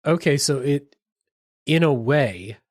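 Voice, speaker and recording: A man's voice: mid-range voice, lively intonation, slow pace, no echo, studio quality. A man hosting a podcast, mostly reacting briefly and musing in a casual chat. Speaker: podcast host.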